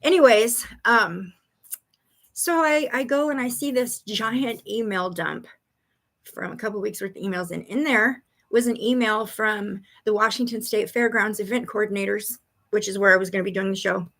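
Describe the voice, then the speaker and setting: A woman hosting a live stream as a psychic reader, chatting in a bubbly, excited way and telling a story with laughs. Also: medium pitch, normal speed. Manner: bubbly, excited, greeting viewers by name. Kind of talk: casual live-stream chat.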